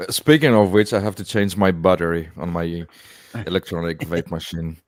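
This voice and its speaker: A laid-back man chatting as a guest on a stream, laughing along with the others. His voice sits very low, and the mic sound is close and dry, with no room around it. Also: steady tone, normal speed, dry recording. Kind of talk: casual chat.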